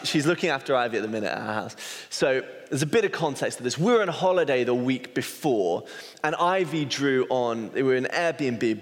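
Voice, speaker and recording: A man in his thirties, an associate pastor, telling a personal story in a chatty sermon and often correcting himself mid-sentence. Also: medium pitch. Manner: chatty, self-correcting, anecdotal. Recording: long hall reverb.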